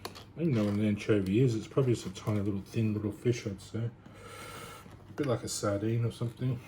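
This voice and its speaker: A man chatting casually while cooking in his home kitchen, rambling and thinking out loud. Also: lowish voice, fairly even intonation, brisk. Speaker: home cook vlogger. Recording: noisy home recording.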